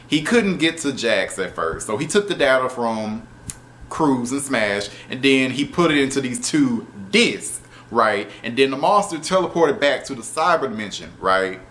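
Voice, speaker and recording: A man reviewing a show episode in casual, animated talk, exasperated and profane, with laughing asides. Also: medium pitch, moderate pace, a little hiss or hum.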